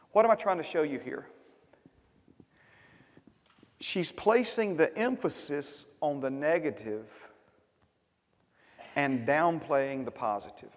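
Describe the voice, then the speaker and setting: A man preaching a sermon as pastor, with loud, emphatic bursts that drop to quiet, quick asides. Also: medium pitch, expressive. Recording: long hall reverb.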